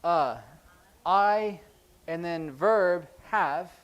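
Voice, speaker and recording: A man's voice: sits high, extremely slow, a bit bright, clear, resonant tone, low-quality recording. A man teaching a sign language class at church, chatty and rambling with jokey asides.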